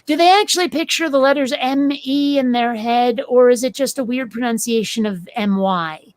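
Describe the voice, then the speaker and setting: A woman's voice: fairly high pitch, moderate pace, no room sound. A woman in her forties hosting a casual chat, blunt and curious, asking pointed questions. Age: 40s.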